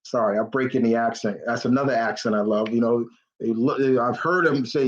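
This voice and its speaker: A man's voice: medium pitch, a little fast. Emotional rambling man on a live stream. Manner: rambling, many restarts and fillers; openly emotional, near tears. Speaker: host of a live Q&A. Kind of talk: casual live stream chat. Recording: dull lo-fi stream audio.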